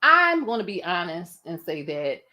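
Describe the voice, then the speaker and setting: A woman from Philadelphia with a Philadelphia accent, hosting a casual chat and telling animated stories with frequent laughter. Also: lowish voice, normal speed, highs cut off. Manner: animated storyteller, laughs often. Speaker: podcast host.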